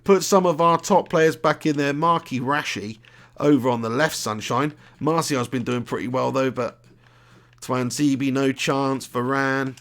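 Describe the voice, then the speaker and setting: A man's voice: mid-range voice, steady tone, measured pace, a bit bright. A man from England, chatting casually and laughing often while commentating a live game stream. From southern England. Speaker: gaming streamer. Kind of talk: live gameplay commentary and chat.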